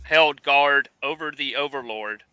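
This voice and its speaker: Bright, smooth-voiced male game master. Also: medium pitch, dry recording, rough recording. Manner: halting, searching for words. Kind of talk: narrating a tabletop game.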